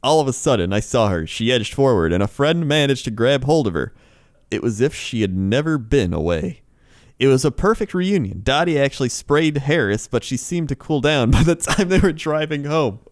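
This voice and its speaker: A man's voice: medium pitch, animated, normal speed, dry recording, studio quality. A man co-hosting a comedy podcast, reading news stories aloud and laughing between them. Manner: laughs often, reads stories aloud with asides. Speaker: podcast co-host.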